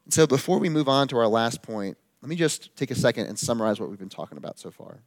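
A man preaching a sermon in an earnest, emphatic way, slowing down to stress key phrases. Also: medium pitch, expressive.

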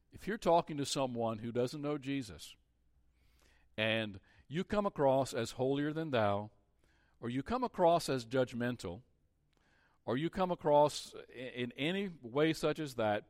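A man preaching a sermon as pastor, earnest and measured, often pausing on "uh" and restarting his phrases. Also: mid-range voice, dry recording, clean studio sound.

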